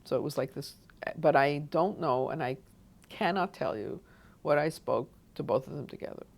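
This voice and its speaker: A woman's voice: sits low, moderate pace, vocal fry, darkish tone. A woman from Montreal, an oral history interviewee, reminiscing in a rambling way with frequent restarts and asides. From Montreal, Canada.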